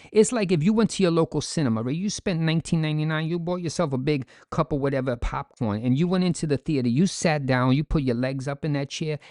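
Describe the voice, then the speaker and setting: This is a man hosting a commentary vlog, and his voice sits a little higher than most men's. He rants in a mocking, exasperated tone and keeps asking the audience rhetorical questions. The recording is dry, with no room sound. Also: darkish tone, dry recording. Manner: rants with repeated rhetorical questions and calls to "folks". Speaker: commentary channel host.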